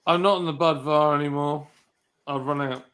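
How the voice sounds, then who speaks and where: British guest, male, high pitch, chatty casual banter. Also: fairly even intonation, moderate pace, fairly bright tone. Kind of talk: casual banter over drinks.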